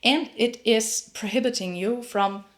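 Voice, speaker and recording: A woman's voice: a little high, measured pace. A woman teaching a singing lesson, explaining technique and breaking into sung demonstrations. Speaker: vocal coach.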